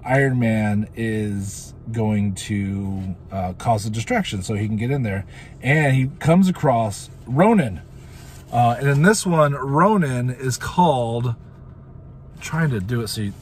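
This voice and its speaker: A man's voice: medium pitch, a little mellow, a little hiss or hum. A man giving a casual, rambling episode recap with goofy asides and lots of ums and uhs. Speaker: show reviewer.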